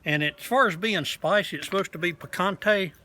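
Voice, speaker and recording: A man's voice: high voice, brisk, pushed and bright. A man hosting his own casual beer review vlog, talking in a rambling, frank way and swearing casually. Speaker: beer reviewer, channel host. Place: outdoors.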